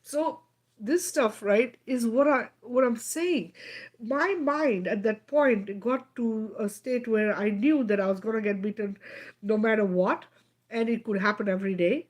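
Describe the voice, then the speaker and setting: A woman's voice: fairly high pitch, a little slow. A middle-aged woman hosting a live stream, telling a personal story emphatically and often checking in with her listeners. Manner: emphatic, keeps checking in with "right?" and "okay?".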